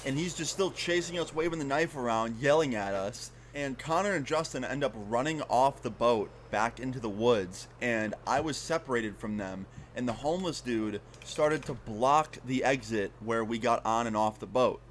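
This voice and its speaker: This is a young man spinning a tense personal story in an ordinary voice of middling pitch. He talks loosely, swears freely, and packs his sentences with "like" and "um". A faint hiss sits under his voice. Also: moderate pace, hardly any pauses. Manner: swearing, filler-heavy, animated retelling. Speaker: storyteller in a played video. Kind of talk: casual spoken storytelling.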